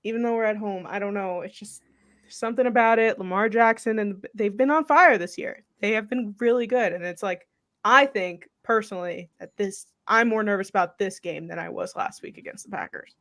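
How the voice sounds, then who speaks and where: Brief: mid-pitched woman, co-host, rambling casual chat full of fillers. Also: moderate pace, fairly bright tone. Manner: chatty, lots of 'like', thinking aloud. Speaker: podcast co-host.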